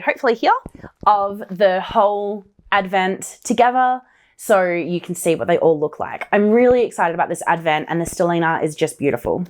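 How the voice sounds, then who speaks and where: A woman hosting a knitting podcast, talking in a casual, gushing, excitable show-and-tell style. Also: fairly low pitch.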